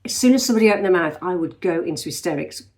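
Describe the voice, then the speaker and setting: A woman's voice: lowish voice, animated, very fast, a little mellow. A woman in her fifties from England with a light Midlands accent, rambling in a casual vlog and sounding a little nasal after a night of sneezing. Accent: English Midlands. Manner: chatty, rambling, self-deprecating. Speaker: vlogger. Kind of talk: casual chat.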